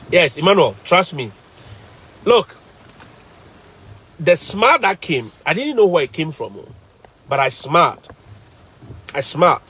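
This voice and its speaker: A man with a Ghanaian English accent, a teacher, casually telling stories to live viewers in an animated, emphatic way, repeating phrases for effect. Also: fairly high pitch, breathy edge.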